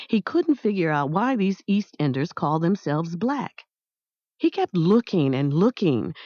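A woman narrating an audiobook in a measured, lyrical reading. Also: fairly low pitch, dry recording. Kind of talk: scripted narration. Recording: dry, slightly dull close-mic sound.

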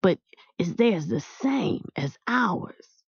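A woman's voice: mid-range voice, sing-song, takes it slowly, breathy edge, dry recording, full character voice. Woman doing a shy, stammering old park hand. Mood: puzzled. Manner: hesitant, stammering, folksy ungrammatical speech. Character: grizzled old male park worker, shy and unschooled. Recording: dull lo-fi dry recording.

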